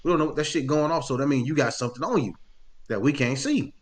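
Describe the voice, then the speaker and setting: On a casual podcast, a man tells a story in an animated, profane way, acting out the voices of the people involved. His pitch is medium and his pace quick.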